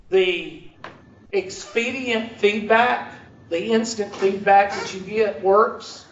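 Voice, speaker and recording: A man's voice: high voice, roomy sound. Man, math instructor, joking, quizzing the class, dull distant recording. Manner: joking, asks the class to fill in words. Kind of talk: classroom lecture. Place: large classroom.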